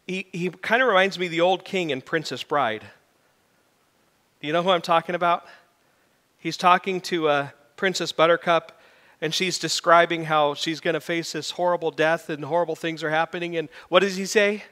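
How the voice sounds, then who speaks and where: Middle-aged male pastor, bright forceful tone, reverberant church hall, animated sermon delivery. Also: fairly high pitch, brisk. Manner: animated preaching, rising to loud emphatic peaks. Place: church sanctuary.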